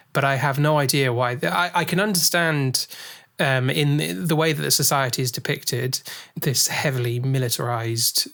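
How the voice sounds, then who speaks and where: A man's voice: medium pitch, moderate pace, vocal fry, fairly bright tone. Chatty male film podcast co-host. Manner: thinks aloud with many fillers and restarts. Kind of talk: casual film discussion.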